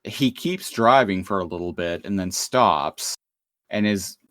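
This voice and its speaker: A man co-hosting a podcast, telling stories in a relaxed way with many fillers. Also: sits low, no room sound, studio quality. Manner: unhurried storytelling with many "uh" and "like" fillers. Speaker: podcast co-host. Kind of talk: casual podcast chat.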